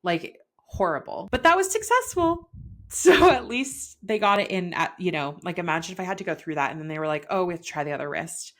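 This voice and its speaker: A young woman telling a personal story in casual chat, peppered with "like" and laughs, quoting herself and others in animated bursts. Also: on the low side, fairly quick. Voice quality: chatty, peppered with "like", laughs often. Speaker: podcast guest telling her birth story.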